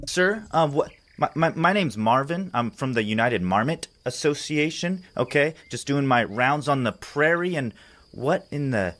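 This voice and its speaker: A man's voice: mid-range voice, lively intonation, moderate pace, a bit bright, close to an everyday voice. A man voicing a nervous, officious male marmot on patrol, stammering and bumbling.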